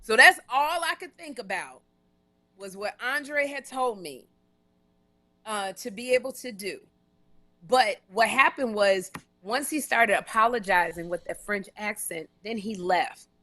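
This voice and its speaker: Bright, animated woman host telling a story. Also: mid-range voice, a little slow, no echo. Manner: animated, emphatic, repeats herself. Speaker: talk show host and comedian. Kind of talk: casual live-stream storytelling. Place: hotel room.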